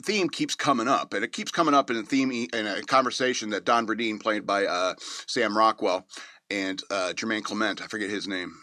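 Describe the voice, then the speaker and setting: Bright-voiced man rambling through a movie review. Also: fairly low pitch, normal speed, dry recording. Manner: rambling, with many fillers and chuckles. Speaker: podcast host reviewing a movie. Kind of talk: casual spoken movie review.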